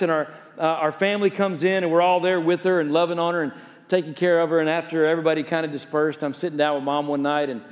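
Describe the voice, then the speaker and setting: A male pastor preaching a storytelling sermon, turning from emphatic to soft and hushed. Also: fairly high pitch, long reverb tail.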